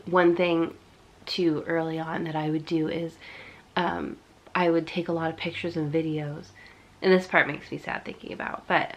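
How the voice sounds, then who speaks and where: A young woman talking candidly in a personal vlog, congested from a cold, chatty and confessional with nervous laughs. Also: deep voice. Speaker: vlogger.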